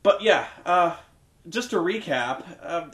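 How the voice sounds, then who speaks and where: A man's voice: fairly high pitch, expressive, slow pace, a bit bright. A man giving a casual, rambling spoken film review with many fillers, restarts and blunt swearing. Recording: echoey room.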